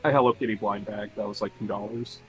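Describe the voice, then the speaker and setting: A man chatting as a guest on a stream, calm and deadpan in his delivery. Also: fairly low pitch, quick pace, faint music behind, poor audio. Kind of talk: casual chat.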